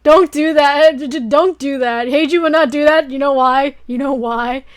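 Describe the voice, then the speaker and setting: High-pitched giggly young woman streamer. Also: normal speed. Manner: rambling, giggly, excitable fangirling. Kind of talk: casual late-night chat stream.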